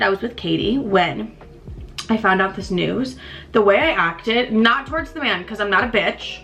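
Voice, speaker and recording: A woman's voice: mid-range voice, bright, forceful tone. A young woman in her twenties chatting casually and swearing a lot while getting ready on camera. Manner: chatty, profane, frequent likes. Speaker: vlogger. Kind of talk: casual get-ready-with-me chat.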